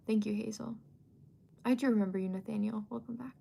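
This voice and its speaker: A woman's voice: on the high side, fairly even intonation, normal speed, gravelly, pauses often, dark tone, slightly rough. A young woman hosting a livestream, chatting casually and reading out viewer comments, with lots of fillers and giggly asides. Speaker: livestream host.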